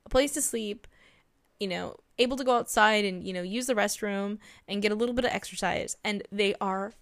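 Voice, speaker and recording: A woman's voice: mid-range voice, brisk, fairly bright tone. A woman giving a spiritual monologue as a psychic medium, earnest and emotional, rambling with many restarts.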